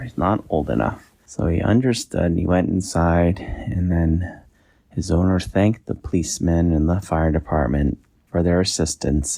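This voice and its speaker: Gentle man improvising a bedtime story. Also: sits low, gravelly. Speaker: father telling his son a story.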